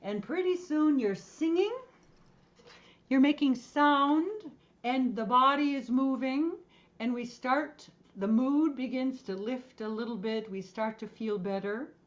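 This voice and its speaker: A woman's voice: high-pitched, takes it slowly, dull audio. A woman voice and choir instructor leading an online movement and singing class in a playful, encouraging way over a video call.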